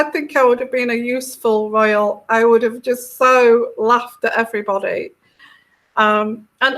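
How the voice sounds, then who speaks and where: Middle-aged lady chatting slow about her tarot readings, keeps giggling and restarting. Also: medium pitch, fairly bright tone. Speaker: tarot reader. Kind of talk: casual monologue.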